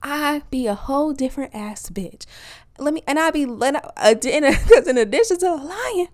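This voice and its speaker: Profane, animated woman from Wisconsin. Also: high voice, moderate pace. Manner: profane, animated, laughs often, mimics voices. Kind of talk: casual comedic monologue.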